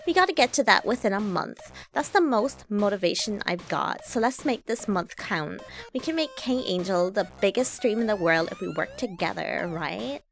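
A woman's voice: mid-range voice, animated, moderate pace, creaky, hardly any pauses, soft background music. A woman voicing a clingy young woman streamer who craves approval, in a sugary, pleading Valley Girl accent. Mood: needy.

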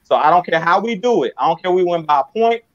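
A man's voice: sits high, lively intonation, fast talker, no echo. A man co-hosting a sports talk show, giving an emphatic, fired-up pep talk. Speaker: podcast co-host. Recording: dry, slightly muffled mic.

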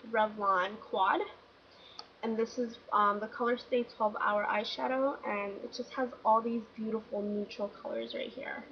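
A woman's voice: fairly high pitch, a little hiss or hum. A young woman casually reviewing beauty products in a chatty, upbeat way, with lots of fillers, filmed at home on a webcam. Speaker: beauty vlogger. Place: home room at a table. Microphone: webcam mic. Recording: dull lo-fi 2011 webcam audio.

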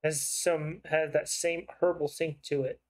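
Slightly high-voiced man playing a game. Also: level tone, measured pace. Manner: casual and offhand. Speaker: gaming channel host. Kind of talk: let's play commentary.

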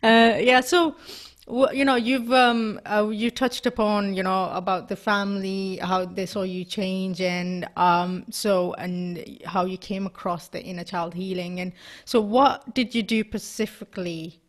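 A woman hosting an interview podcast, supportive and encouraging, answering with soft affirming murmurs. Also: mid-range voice, steady tone, a little slow. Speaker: podcast host.

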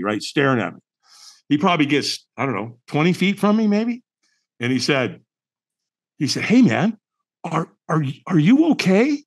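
A man's voice: a little high, a bit bright. A middle-aged man, a podcast guest, telling a personal story in an emphatic, dramatic way, full of rhetorical questions. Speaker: podcast guest, firewalk instructor.

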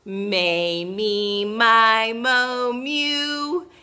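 A woman's voice: a little high, fairly even intonation, very slow, sharp tone, smooth, faint music behind. A woman teaching a phonics lesson to young children, cheery and encouraging, drawing out each sound.

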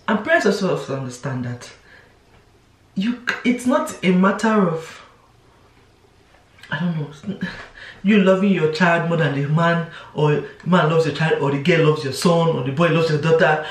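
A woman's voice: on the low side, lively intonation, normal speed. A young woman, chatting casually to camera as a vlogger. She restarts her sentences often and slips into quoted voices. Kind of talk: casual confessional chat to camera. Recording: roomy, voice from a distance.

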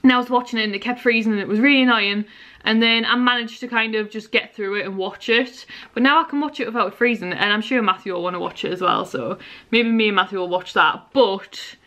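A woman's voice: on the high side, fairly quick, fairly bright tone. A young woman chatting casually to a handheld camera in a vlog, tired and out of breath, rambling from one story to the next. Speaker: vlogger.

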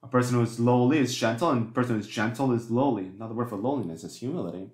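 Racing through his sermon, a pastor speaks in a medium-pitched, slightly mellow voice. He's conversational, stumbling into fillers and restarts, and keeps asking the congregation rhetorical questions; the church hall gives off a noticeable echo.

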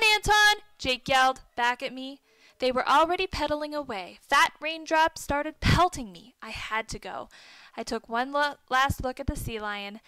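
A woman with a high, bright voice reads a children's story aloud. Her tone is clean and clear, and the recording is dry and close, with no room sound. She lifts her voice for the characters' shouted lines. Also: no echo, low-quality recording. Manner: reads dialogue with lively lifts for the boys' shouts. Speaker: narrator.

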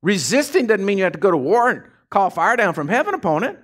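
A man preaching a folksy, animated sermon as pastor of a church. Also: high-pitched, fast. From Texas.

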